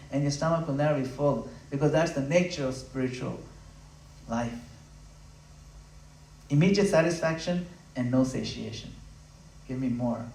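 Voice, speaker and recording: A fairly high-voiced man preaches with passion, his delivery swelling to loud emphatic peaks and then sinking low and intimate. He sounds conversational, now and then acting out quick voices of listeners. The room is echoey and he stands a little away from the mic. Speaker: spiritual speaker. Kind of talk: devotional talk at a home program. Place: room in a home. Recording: roomy, from a distance.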